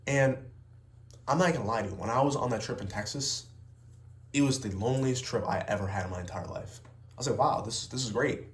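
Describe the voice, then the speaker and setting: A man's voice: mid-range voice, a little fast, roomy sound. A young man ranting bluntly to camera, swearing heavily and stressing his words. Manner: blunt, heavy swearing, emphatic. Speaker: vlogger, salesman. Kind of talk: unscripted personal rant to camera.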